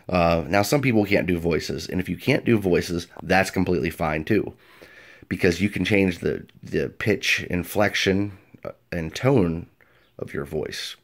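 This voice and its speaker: Low-voiced man explaining tabletop role-play. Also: unhurried. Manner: chatty and explanatory, with frequent fillers. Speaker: game master and video host.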